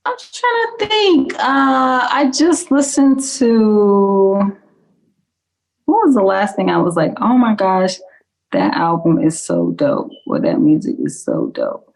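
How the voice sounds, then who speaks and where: A woman's voice: mid-range voice, creaky, rough recording. A woman from Washington, D.C., a rapper guesting on a podcast, chatting casually and laughing easily. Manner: animated, laughs easily, drawn-out thinking pauses. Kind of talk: casual interview chat.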